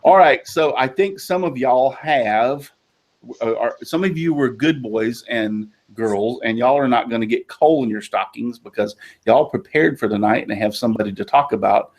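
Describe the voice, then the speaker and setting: A man's voice: mid-range voice, normal speed. A man from Florida with a Southern drawl, hosting a casual panel chat in a folksy, chatty way. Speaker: host.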